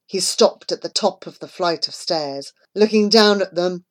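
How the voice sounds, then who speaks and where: A woman reading a children's story aloud in a measured, expressive way. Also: on the low side. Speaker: narrator.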